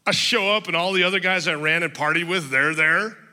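A pastor delivers a brisk sermon in a church hall, his slightly high voice very bright and cutting. Long reverb trails his words as he tells stories emphatically with some humor.

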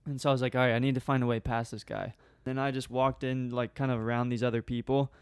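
A young man casually telling a long funny story on a podcast, animated and laughing often. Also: mid-range voice, fast talker, clear, resonant tone, no room sound, studio quality. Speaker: podcast co-host.

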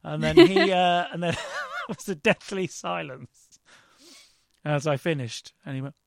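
A man's voice: on the high side, huge pitch swings, a little slow, vocal fry, dry recording, clean studio sound. A man, a guest in an interview, telling a rambling, self-deprecating story with frequent restarts. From London, England. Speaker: actor and director guest. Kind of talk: casual interview chat.

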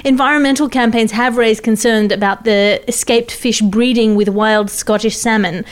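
A woman riffs on a news story in a comedy chat, using dry, ironic asides. Her voice is fairly high for a woman, and she delivers her punchlines matter-of-factly. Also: fairly even intonation, moderate pace. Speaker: comedian guest.

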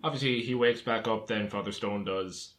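A man chats in an easygoing way on a podcast, agreeing often and padding his talk with fillers. His voice is fairly low and bright. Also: normal speed. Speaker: podcast co-host. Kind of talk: casual chat.

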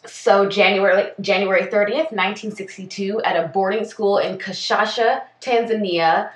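A woman's voice: mid-range voice, steady tone, normal speed, reverberant, far from the mic. A woman co-hosting a podcast, chatting casually through a case from her notes with plenty of fillers and self-corrections. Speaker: podcast co-host.

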